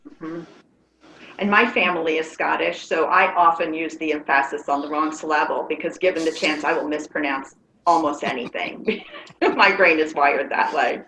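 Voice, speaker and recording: A woman's voice: sits low, fairly even intonation, moderate pace, a bit bright, echoey room, a little hiss or hum, low-quality recording. Upbeat woman leading a webinar exercise. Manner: upbeat, encouraging, laughs often. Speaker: webinar facilitator. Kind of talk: guiding a group exercise. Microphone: video call.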